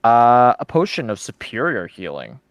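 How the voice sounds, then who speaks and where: A man running a tabletop game as game master, narrating in a relaxed, casual way. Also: mid-range voice, normal speed. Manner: relaxed, casual, swears offhand.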